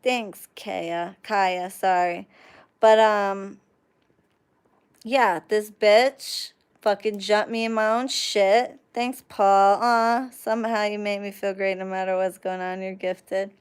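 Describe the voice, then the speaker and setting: Young woman on a livestream telling a wild story, cussing nonstop, stopping to thank chat, smooth clear voice. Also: medium pitch, takes it slowly. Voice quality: profane, animated storyteller. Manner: reads and thanks chat viewers mid-story. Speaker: livestream host.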